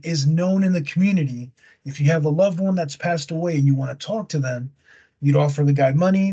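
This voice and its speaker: Husky slangy man retelling a movie. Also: fairly high pitch, muffled recording. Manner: slangy, animated storyteller. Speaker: podcast host. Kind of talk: casual chat retelling a movie plot.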